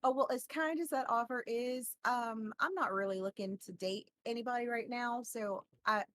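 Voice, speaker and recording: A woman as a polite Southern belle, Southern US accent, higher voice, dry close mic. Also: moderate pace, a bit bright, dry recording, natural voice. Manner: polite, drily brushing him off.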